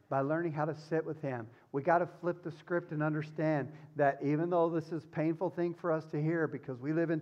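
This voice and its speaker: Male pastor, fairly high voice, impassioned sermon delivery, dull lo-fi recording. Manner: impassioned, swinging from loud urgency to hushed tenderness.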